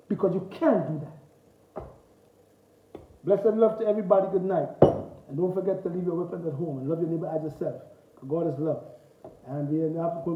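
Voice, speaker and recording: A man giving preachy, emphatic health advice in a casual talk straight to his viewers, repeating his commands. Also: sits high. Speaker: natural health promoter. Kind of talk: casual direct-to-camera talk. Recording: dull lo-fi sound.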